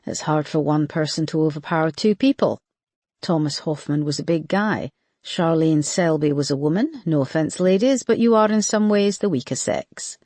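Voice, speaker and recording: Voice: mid-range voice, moderate pace, dry recording, natural voice. A big, unflappable Scottish detective constable, laying out his theory in an easy, reasoning way, as an audiobook narrator puts him on. The read is close-miked and dry. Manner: relaxed, reasoning aloud. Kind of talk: audiobook character voice.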